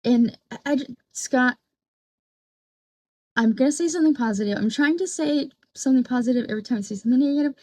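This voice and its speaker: High-voiced woman ranting bluntly. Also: fast, a little mellow. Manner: blunt, profane, mocking rant. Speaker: commentator reacting to a clip. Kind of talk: casual reaction commentary.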